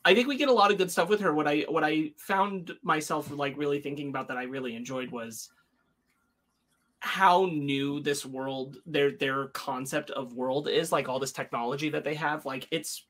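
A man's voice: a little high, normal speed, a bit bright. A man co-hosting a podcast, talking through a film in a thoughtful, rambling way with many restarts. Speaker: podcast co-host. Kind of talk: casual film discussion.

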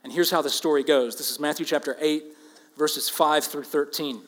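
A man preaching an expository sermon, earnest and emphatic, with loud stresses and quiet asides. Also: fairly high pitch, steady tone, normal speed. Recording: long reverb of a large hall.

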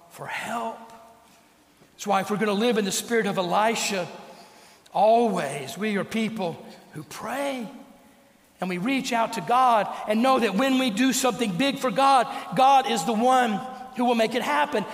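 An older man preaching a sermon as pastor, telling stories and dropping to a hush for emphasis. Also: high voice. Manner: storytelling preacher, slows and drops to a hush for emphasis. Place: church sanctuary. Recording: echoey church hall.

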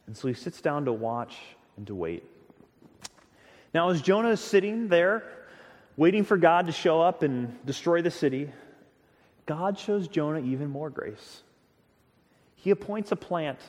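A man preaching a sermon as a pastor, telling the story with emphatic, expressive delivery and frequent stammered restarts. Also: a little high. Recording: long hall reverb.

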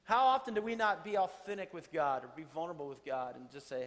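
A man preaching a sermon to a congregation, conversational and animated, with playful asides. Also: fairly high pitch, fast, in a large hall. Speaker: pastor.

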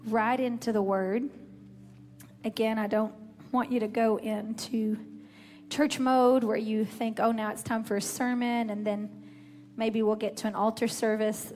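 A woman preacher praying and delivering a sermon to her church in a fervent, declarative cadence. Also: a little high. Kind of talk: sermon with opening prayer. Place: church sanctuary. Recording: long reverb in a large hall with music.

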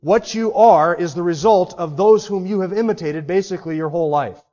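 Male pastor, high voice, emphatic sermon delivery with rhetorical questions; muffled lo-fi church recording. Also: brisk, mellow.

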